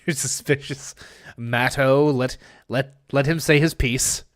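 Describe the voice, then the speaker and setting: A man's voice: medium pitch, steady tone, takes it slowly. A man streaming a game and chatting with viewers in a wry, mock-formal way, often muttering to himself. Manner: wry, mock-formal phrasing, talks to chat. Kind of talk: casual gameplay stream chat.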